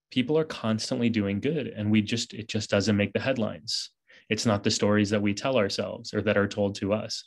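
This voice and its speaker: An earnest man answers questions in a relaxed interview, his voice sitting a little on the low side. He reflects as he goes, circling back and restarting phrases before landing his point. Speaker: author and interview guest. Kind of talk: conversational interview.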